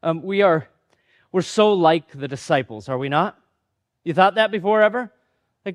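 A man's voice: high voice, moderate pace. A man preaching a sermon in a conversational, self-deprecating way, acting out the voices of the people he quotes. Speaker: pastor.

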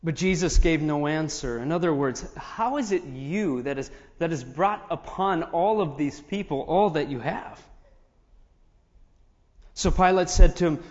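With a fairly high pitch and normal speed, a man serves as pastor, reading scripture aloud and explaining it between verses. The sound is dull and echoes with long reverb in a large hall.

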